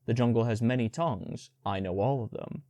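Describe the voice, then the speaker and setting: A man's voice: medium pitch, fairly quick, warm tone, no room sound, lightly acted. A man voicing a cheeky, boastful young boy raised in the jungle, speaking in a sulky, showing-off way for a storybook audiobook.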